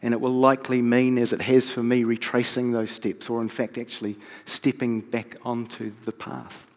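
A man preaching a sermon from the pulpit in a measured, deliberate way with pauses. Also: mid-range voice, little pitch movement. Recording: long reverb of a large hall.

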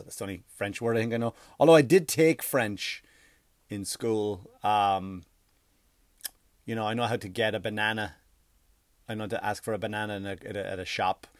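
A man from Ireland, telling a rambling, profane mock history with deadpan jokes and silly put-on voices. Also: on the low side, moderate pace, dry recording, clean studio sound. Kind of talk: comedic storytelling monologue.

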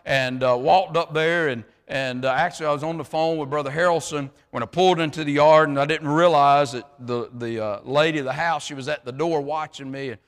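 High-voiced preacher in a reverberant hall. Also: male voice, steady tone, brisk, hardly any pauses. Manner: swings from shouting to hushed, many fillers. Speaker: pastor. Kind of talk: sermon.

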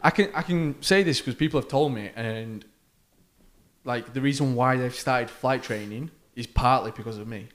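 A man's voice: mid-range voice, normal speed. A young man, co-hosting a casual podcast chat and telling stories with lots of laughter. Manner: animated storyteller, laughs often. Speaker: podcast co-host, pilot.

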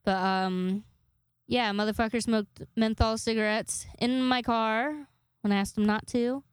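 A woman's voice: on the high side, steady tone, measured pace, clean tone, dry recording. A young woman hosting her own podcast alone, rambling casually with lots of swearing and self-deprecating asides. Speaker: podcast host. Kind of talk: casual solo podcast chat.

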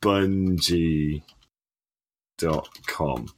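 A man co-hosting a casual gaming chat, trading mocking insults and quick to laugh. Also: low voice, slight background noise. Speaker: co-host.

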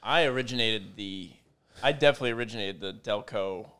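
A man's voice: on the low side, a little fast, fairly bright tone, smooth. A young man, co-hosting a casual podcast chat, telling stories and mimicking local voices. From Delaware County, Pennsylvania. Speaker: podcast co-host.

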